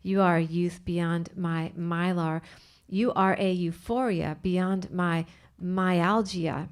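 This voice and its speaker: A woman giving a measured, careful poetry reading aloud during a live seminar. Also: lowish voice, steady tone, clean tone. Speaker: poem reader.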